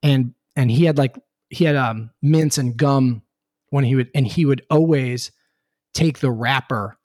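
A middle-aged man from Connecticut tells stories in an animated, laughing way, often breaking off to restart. His voice sits at an ordinary pitch. The recording is close and dry, with no room sound. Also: measured pace, dry recording. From Connecticut, USA. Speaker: podcast guest, former presidential helicopter pilot. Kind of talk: casual storytelling chat.

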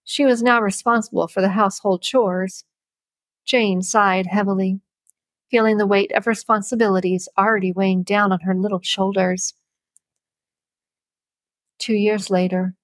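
A woman reading a novel aloud as an audiobook narrator, with steady, measured storybook narration. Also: medium pitch, dry recording.

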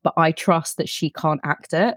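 A woman's voice: low-pitched, normal speed, a bit bright, dry recording, clean studio sound. An English woman, a podcast guest, chatting casually and with lots of animation, often laughing and slipping into quoted voices. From England. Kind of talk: casual chat.

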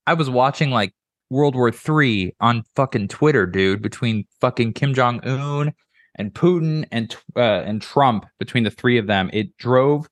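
A man's voice: mid-range voice, measured pace, no room sound. A man speaking as a guest on a podcast in casual chat, earnest and rambling, swearing and restarting his sentences.

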